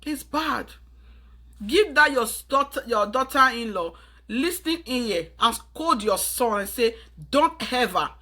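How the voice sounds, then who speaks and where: A woman's voice: on the high side, animated, a little slow, sharp tone. A Nigerian woman lecturing her viewers in an urgent, preachy tone, slipping into pidgin phrases. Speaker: vlogger giving advice. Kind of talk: earnest advice monologue to camera.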